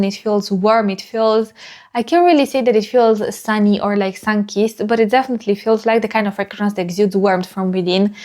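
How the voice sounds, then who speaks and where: A woman's voice: medium pitch, darkish tone. Chatty woman reviewing a fragrance. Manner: chatty, filler-heavy, descriptive. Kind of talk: casual review vlog.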